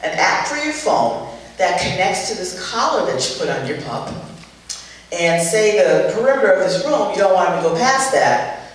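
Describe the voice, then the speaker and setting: An older woman comedian doing stand-up on a charity show stage, telling stories in an animated, exasperated way with punchy asides. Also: lowish voice, normal speed. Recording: echoey hall, voice far from the mic, faint ambience.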